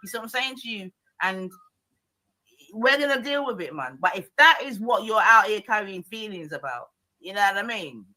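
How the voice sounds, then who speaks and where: Slangy man with a lively, bright voice. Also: high-pitched, normal speed. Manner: swearing, slangy, laughing. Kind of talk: casual streaming chat.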